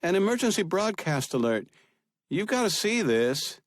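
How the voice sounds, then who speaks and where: A man's voice: sits high, big pitch swings, moderate pace, no echo, voice pushed up. A man voicing an alarmed young woman in an audiobook, with an urgent manner.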